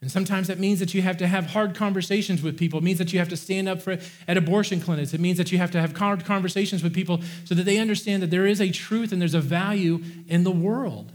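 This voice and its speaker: A man preaching with fervor, his voice sitting a little higher than most men's. He repeats phrases and stumbles over restarts as he drives each point home. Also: fairly even intonation, fast talker, few pauses. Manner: impassioned, repetitive preaching with many restarts. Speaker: pastor. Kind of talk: sermon.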